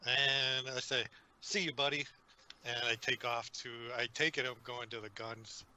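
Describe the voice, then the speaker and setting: A man plays a tabletop role-playing game, speaking casually and friendly in quick in-character asides. His voice is very bright and sharp. A faint hiss sits behind him. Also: medium pitch, flat delivery. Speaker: player. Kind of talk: casual play over an online call.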